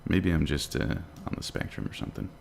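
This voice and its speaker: A man with a low, gravelly voice talks casually on a live day trading stream. He reads viewer comments aloud and answers them in an easy, chatty way while he watches the market. A faint hiss of background noise sits under the recording. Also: quick pace. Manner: relaxed, chatty, answers chat questions while watching charts. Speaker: day trading livestream host.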